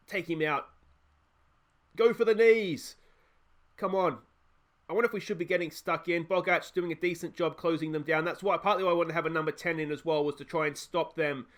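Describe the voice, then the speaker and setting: This man is a gaming YouTuber with an Australian accent and a voice on the high side. In his excitable let's play commentary, he frets about tactics aloud and shouts when goals are scored.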